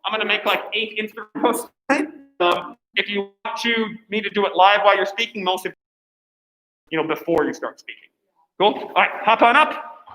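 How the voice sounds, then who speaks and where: A man's voice: high-pitched, normal speed, pushed and bright, roomy sound, low-quality recording. A man teaching a class, giving chatty, encouraging instructions with lots of fillers.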